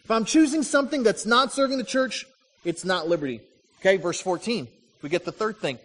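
A man preaching from the pulpit, middle-aged and high-voiced. He tells stories and drives home short repeated lines, and his words ring out with a long reverb through the church hall. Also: brisk. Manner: animated storytelling with punchy repeated lines. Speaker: pastor. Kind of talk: sermon.

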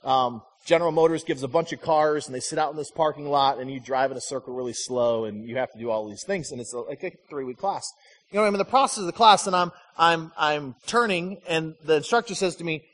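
A man's voice: on the high side, fast talker, fairly bright tone, long reverb tail. A man from Michigan preaching a conversational sermon as a pastor, telling stories and acting out the people he quotes. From Michigan, USA. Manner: storytelling, acts out quoted voices.

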